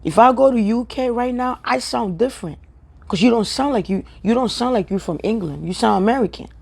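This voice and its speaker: A woman's voice: fairly high pitch, expressive, brisk, vocal fry, a little mellow, husky. A woman from Ghana with a Ghanaian accent, giving an emphatic, repetitive opinion rant straight at her viewers. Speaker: social media commentator. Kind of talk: direct-to-camera opinion rant.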